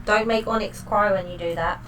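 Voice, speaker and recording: A woman playing a tabletop game, with dry, deadpan quips. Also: mid-range voice, fairly quick. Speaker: player. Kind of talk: casual tabletop play. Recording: distant mic with faint background noise.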